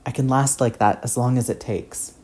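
A man's voice: medium pitch, steady tone, normal speed, mellow, lightly acted. A man voicing an earnest, shaken teenage boy hero who stammers and restarts his sentences.

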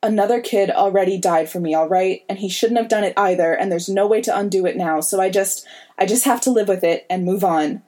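A woman's voice: medium pitch, a little fast, dark tone, close to an everyday voice. A woman voicing a wisecracking, protective grown man who teases and sometimes growls. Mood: earnest. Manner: wry, teasing, gruff at times.

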